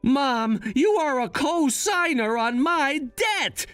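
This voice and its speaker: A man's voice: very high-pitched, animated, slow, a bit bright, no echo, faint music behind, heavily acted. A man playing a cold, unbending adult son. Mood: firm. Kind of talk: scripted drama voice-over.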